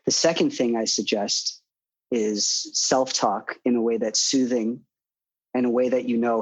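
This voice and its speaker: A middle-aged man speaking calmly and earnestly as a podcast guest, sometimes acting out soothing self-talk. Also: mid-range voice, moderate pace, breathy edge, dry recording, lo-fi sound. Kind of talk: interview conversation.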